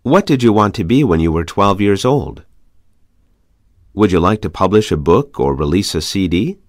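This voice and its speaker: Low-voiced man reading lesson questions. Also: lively intonation, no echo, studio quality. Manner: measured, evenly paced question reading. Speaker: English lesson reader. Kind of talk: reading practice questions aloud.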